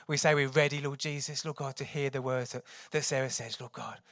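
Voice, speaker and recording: A man's voice: mid-range voice, fairly even intonation, a little fast, fairly bright tone, no room sound, studio quality. A man leading a fervent prayer in church, repeating divine names between phrases. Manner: fervent, repeats "Lord God". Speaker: church leader opening in prayer. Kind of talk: spoken prayer.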